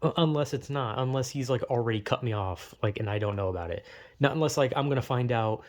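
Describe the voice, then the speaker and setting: A man's voice: medium pitch, fast talker. A young man in a casual, rambling solo monologue, stumbling over words, swearing freely and acting out imagined voices. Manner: rambling, self-interrupting, swears often, acts out imagined voices. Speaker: vlogger.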